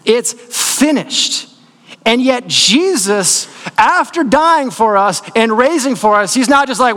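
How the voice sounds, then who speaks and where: High-voiced male pastor preaching in reverb. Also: animated, takes it slowly, pushed and bright. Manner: asks the audience questions and answers them; conversational storytelling with fillers. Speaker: lead pastor. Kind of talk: sermon.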